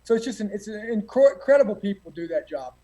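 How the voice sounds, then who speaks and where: A man's voice: sits high, expressive, quick pace, dark tone, rough recording. A man, a guest telling boot camp stories in a rambling, profane way with many fillers. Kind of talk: casual storytelling.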